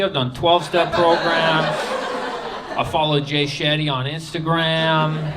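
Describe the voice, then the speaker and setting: A man's voice: a little high, level tone, measured pace, heavy background noise. A man doing a brash, crude stand-up set on a comedy club stage, telling stories and acting out what people said to him. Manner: brash, crude storytelling with acted-out quotes. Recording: loud crowd laughter in a comedy club.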